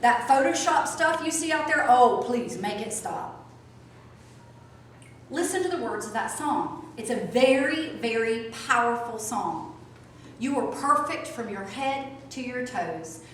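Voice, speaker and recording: A woman teaching a small group, swinging from soft asides to loud outbursts. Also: on the high side, expressive, a little slow. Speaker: spiritual teacher. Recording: echoey room from a distance, faint noise.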